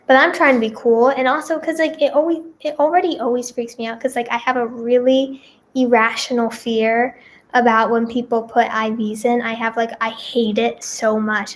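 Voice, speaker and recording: Young woman vlogger, kinda high voice, animated storytime chat with lots of "like". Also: a little hiss or hum. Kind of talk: casual storytime.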